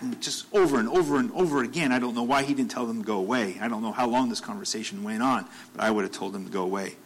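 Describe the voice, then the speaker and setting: A male preacher gives a sermon in an everyday, conversational way, speaking fast in a mid-range voice on a rough recording. He circles back on his phrases, and when he makes a point his voice climbs into emphatic bursts of urgent, repeated questions.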